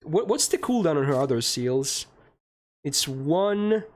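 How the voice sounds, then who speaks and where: Guy streaming a game, pitch jumps all over, keeps ranting and cussing at chat. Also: lively intonation, unhurried. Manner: frustrated, swearing, rants at chat. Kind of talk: casual game livestream.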